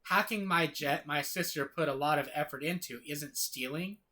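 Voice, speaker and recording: A man's voice: on the high side, normal speed, sharp tone, pitched above the performer's own voice. A man reading a proud, stern male king's lines aloud, slightly raised and clipped.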